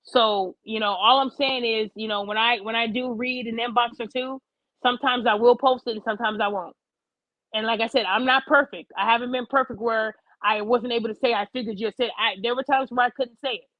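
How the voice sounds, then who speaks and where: A woman's voice: a little high, steady tone, fairly quick, dry recording. A woman hosting a live online show, ranting bluntly and passionately to her chat with plenty of profanity. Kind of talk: livestream rant to chat. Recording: dull lo-fi sound.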